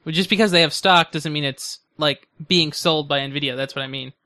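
A man's voice: fairly high pitch, a little fast, sharp tone, no echo. A man co-hosting a casual podcast, talking bluntly with firm opinions. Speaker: podcast co-host. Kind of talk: casual chat.

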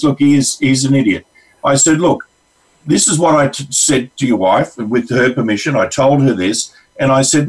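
A man's voice: medium pitch, husky, far from the mic, poor audio. Australian man, a bit off-mic. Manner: rambling anecdotes with acted-out quotes. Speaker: regular guest counselor. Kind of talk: casual on-air storytelling.

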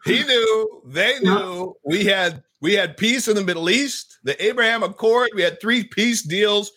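A man's voice: high-pitched, unhurried, bright, forceful tone. Emphatic male podcast host. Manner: emphatic, repeats words, prays aloud. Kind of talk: casual Christian podcast chat and prayer.

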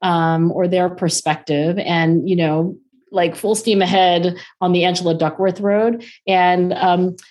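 A middle-aged woman talking as a podcast guest in a casual, animated way, with frequent laughs and fillers. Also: on the low side, a little slow. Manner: animated, chatty, laughs often, lots of fillers. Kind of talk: casual interview conversation.

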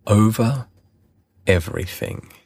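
A man voicing a proud, pompous old king in a storybook reading, issuing grand, measured decrees. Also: sits low, no echo, studio quality, full character voice. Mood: commanding.

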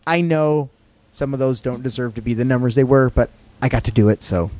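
A man's voice: mid-range voice, darkish tone, no room sound. Rambling man hosting a chatty podcast. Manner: rambling, self-deprecating, quick to justify himself. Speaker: podcast host. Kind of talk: casual podcast chat.

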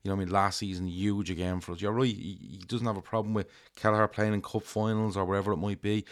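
A man's voice: fairly low pitch, flat delivery, quick pace. A man co-hosting a casual football fan chat, making emphatic points and swearing as he goes.

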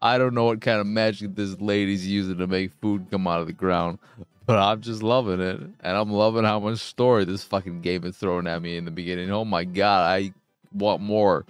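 A man giving casual, profane let's play commentary, excitable and thinking out loud as he plays. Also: deep voice, normal speed, clean tone, dry recording, faint music behind. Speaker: gaming streamer.

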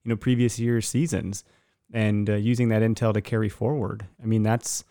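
A man's voice: fairly low pitch, flat delivery, moderate pace, warm tone, dry recording, studio quality. A man hosting a podcast interview, easygoing and affirming, with frequent fillers. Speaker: podcast host. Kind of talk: casual interview talk.

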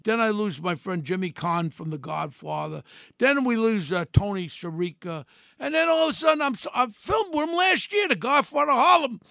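A man's voice: high-pitched, vocal fry, sharp tone, no echo, clean studio sound. An older man hosting a podcast, talking in a blunt, rambling way with many restarts and fillers. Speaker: podcast host. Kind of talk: casual monologue.

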